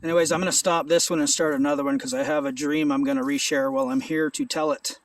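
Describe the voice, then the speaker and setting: Outdoors at a rural house, a man from Ontario, Canada earnestly shares a rambling spoken testimony, often repeating his words. He talks fast with a fairly high, fairly even voice, and he sits far off the mic.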